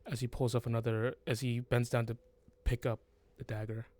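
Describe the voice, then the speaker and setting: A man running a tabletop game as game master, narrating in a halting, hesitant way. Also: medium pitch, little pitch movement, darkish tone.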